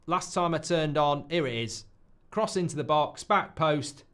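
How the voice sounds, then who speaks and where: A man hosting a live football watchalong, reacting loudly to goals and swearing freely. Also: a little high, measured pace. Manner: excitable, swears, shouts at goals. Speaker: watchalong host.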